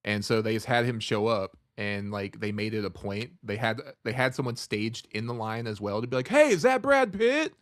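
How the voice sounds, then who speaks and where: A laid-back man with a lowish voice chats on a podcast, chuckling as he fills in details. The mic is close and the sound is dry. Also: little pitch movement, moderate pace, few pauses, fairly bright tone, dry recording. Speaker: podcast co-host. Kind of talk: casual chat.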